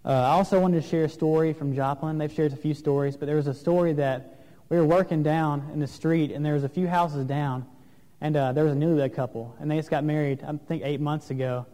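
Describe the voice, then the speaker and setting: A man preaching an earnest sermon, asking questions of his listeners, with some pauses and fillers. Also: a little high, fairly even intonation, mellow. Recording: long reverb of a large room.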